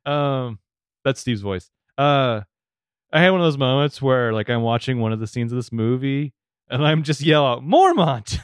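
Casting: man, mid-pitched, dry close mic, wisecracking film podcaster. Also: normal speed, smooth, dry recording. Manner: joking, wry asides. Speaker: podcast co-host. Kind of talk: casual movie review chat.

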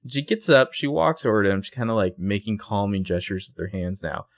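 A man co-hosting a casual recap chat, animated and sarcastic, jumping into high, loud voices when quoting characters. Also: fairly quick, dry recording. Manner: profane and sarcastic. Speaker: podcast co-host.

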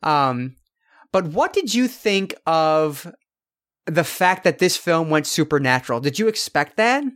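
A man with a slightly high voice talks through a movie review in a loose, rambling way. He swears freely and keeps it casual, like a podcast host chatting with a friend. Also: big pitch swings, unhurried, fairly bright tone. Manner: profane, laughing, loose and rambling.

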